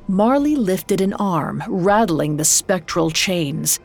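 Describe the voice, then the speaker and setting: A woman narrating a scripted ghost story in a measured, atmospheric way. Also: lowish voice, expressive, creaky. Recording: soft background music.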